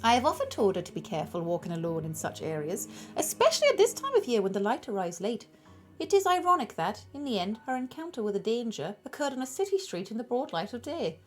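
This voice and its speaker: A woman reading the lines of a sturdy male tutor in his thirties, giving measured, formal testimony with a loose, uncertain try at an Irish-tinged accent. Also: on the high side, very animated, soft background music, voice pushed up. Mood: earnest, formal. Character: powerfully built male tutor in his thirties, calm witness.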